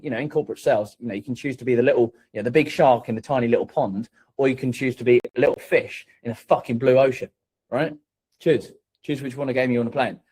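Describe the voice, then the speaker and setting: A man hosting a sales community, giving hyped motivational shout-outs full of swearing and punchy repetition. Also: mid-range voice, husky.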